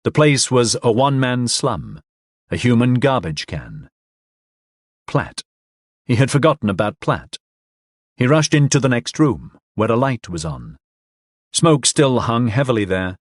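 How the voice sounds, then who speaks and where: A man narrating a thriller audiobook in a dramatic, expressive reading style. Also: mid-range voice, unhurried, long pauses, no room sound, studio quality.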